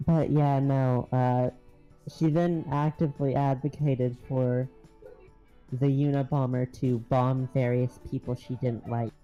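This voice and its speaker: Co-host on a muffled call, very dark tone, quick offhand remarks. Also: medium pitch, little pitch movement, soft background music. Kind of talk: casual chat. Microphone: online call. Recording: dull lo-fi call audio.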